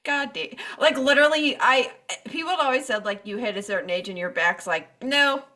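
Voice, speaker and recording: A woman's voice: on the high side, brisk. A woman co-hosting a podcast in casual chat, joking and laughing often. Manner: giggly, animated, jokey. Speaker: podcast co-host.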